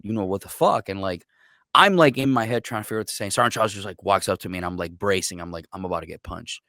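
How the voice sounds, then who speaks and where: A man who is a military veteran, guest on a podcast, telling stories in a casual, profane, animated way and acting out what others said. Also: low-pitched, racing, no echo, studio quality. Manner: profane, animated storyteller who acts out quotes. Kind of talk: casual storytelling.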